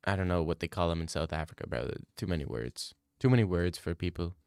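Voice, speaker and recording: A man's voice: sits low, fast, gravelly, a little mellow, clear, resonant tone, dry recording, studio quality. A young man streaming, chatting casually and joking about fights while thanking donors. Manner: rambling, joking, many restarts. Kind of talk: casual stream chat reading donations.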